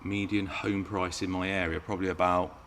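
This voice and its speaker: Guy on a live q&a, lowish voice, chatty and playful, reads out viewer comments, faint room noise behind. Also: little pitch movement, fairly quick, fairly bright tone. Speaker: RC car channel host.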